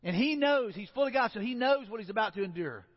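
A man preaching a sermon as pastor to his congregation, earnest, sometimes dropping low and soft for emphasis. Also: lively intonation, fast. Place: church sanctuary. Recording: dull sound with long hall reverb.

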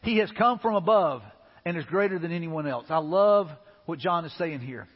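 A man's voice: a little high, animated, moderate pace, long reverb tail, highs cut off. A man preaching a sermon as a pastor, talking to the congregation in a loose, conversational way with repeated asides. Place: church sanctuary.

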